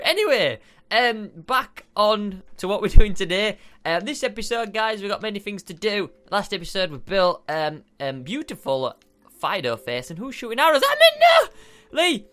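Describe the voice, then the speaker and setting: A young man chatters through his gameplay in a high, bright voice. His pitch swoops all over as he giggles along, bubbly and full of fillers. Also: sing-song, normal speed. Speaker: gaming video host. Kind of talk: casual gameplay commentary.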